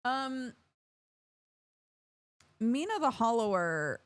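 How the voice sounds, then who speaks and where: Chatty woman streamer, lively pitch. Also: drawn-out words, no room sound. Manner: chatty, reads out chat and thanks subscribers. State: yawning, tired. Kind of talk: casual chat.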